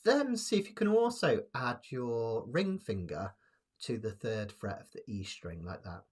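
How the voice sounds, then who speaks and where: A man teaching a live-streamed ukulele lesson, patient and encouraging, counting beats aloud as he explains chords. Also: mid-range voice. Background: ukulele playing.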